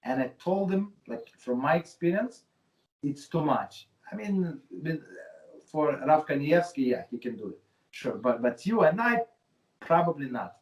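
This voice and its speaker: A man who teaches Torah classes, talking casually in halting, repetitive sentences. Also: on the high side, very animated, recorded from a distance. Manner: hesitant, repeats words, slightly non-native phrasing. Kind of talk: casual discussion. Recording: roomy echo.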